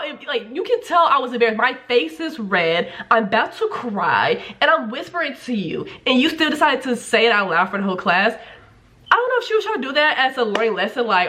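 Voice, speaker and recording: A young woman talking straight to her camera in a loose, chatty vlog. Her voice sits a little high, and she swears freely and fills her talk with "like.". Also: very animated, a little fast, fairly bright tone. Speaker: vlogger. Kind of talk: casual storytelling to camera.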